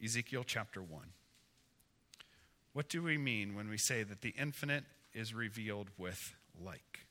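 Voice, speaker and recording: A male pastor giving a conversational sermon, asking the congregation questions and growing emphatic and animated. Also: fairly low pitch, measured pace.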